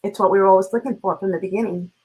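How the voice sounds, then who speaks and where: A woman's voice: medium pitch, steady tone, very fast, a little mellow, slightly rough, rough recording. A middle-aged woman from California, a parenting coach who talks as an interview guest in a passionate, emphatic way. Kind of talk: heartfelt conversational interview.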